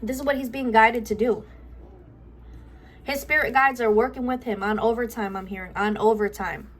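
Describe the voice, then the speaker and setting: A woman's voice: fairly high pitch, fairly even intonation, moderate pace, a bit bright. A woman giving a spiritual love reading at home, channeling aloud in a rambling way, often repeating herself and searching for words. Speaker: tarot card reader.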